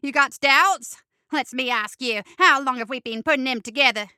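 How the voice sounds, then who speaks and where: A woman voicing a gleeful, scheming male creature villain who boasts loudly in crude grammar. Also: high voice, unhurried, dry recording, clean studio sound, voice pushed up. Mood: gleeful, boastful.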